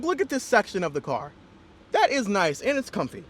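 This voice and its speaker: A man's voice: high voice, huge pitch swings, a little fast, breathy edge. A man giving a casual, rambling car review vlog from inside a car, with lots of fillers and restarts. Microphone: camera mounted in the car.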